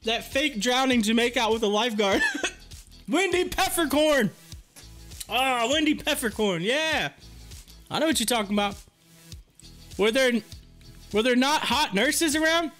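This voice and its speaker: A man with a very high, bright voice tells a story to his livestream chat. He talks casually, breaks into laughter often and acts out what his friends said. Faint music plays behind him. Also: unhurried, long pauses. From rural area. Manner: animated, laughing often, acting out quotes. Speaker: livestream host.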